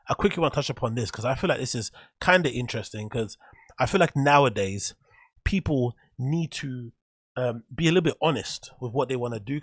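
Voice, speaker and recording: A man's voice: medium pitch, no room sound. A man hosting a solo podcast, giving rambling, opinionated commentary. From England. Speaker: show host.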